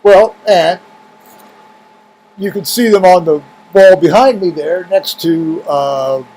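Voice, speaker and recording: Middle-aged man with a high-pitched voice; casual, rambling home video blogger who restarts his sentences. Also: takes it slowly, darkish tone, rough recording. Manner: rambling, many restarts and fillers. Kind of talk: casual talk to camera. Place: home room with heaters running.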